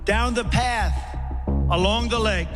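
A man slowly reciting a dramatic poem, then giving a grave warning as a talk show host. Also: high voice. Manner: slow, theatrical reading with a warning tone. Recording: over loud background music.

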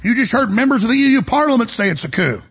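A man hosting a talk show, delivering an urgent, fiery monologue in a raspy, gravelly voice that climbs toward a yell. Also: very high voice, very animated, quick pace. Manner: urgent, rising to near-yelling. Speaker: show host.

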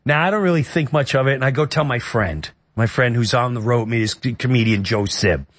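With a mid-range, slightly bright voice and a somewhat fast pace, a middle-aged man from the New York area tells a personal story as a guest in conversation. Earnest and emotional, he often stops and restarts his sentences.

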